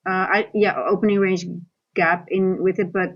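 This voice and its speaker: A woman's voice: medium pitch, level tone, normal speed, dull audio. A woman from the Netherlands, a Dutch speaker, coaching on a live trading stream. She rambles, restarts her sentences and reads the chat aloud as she goes.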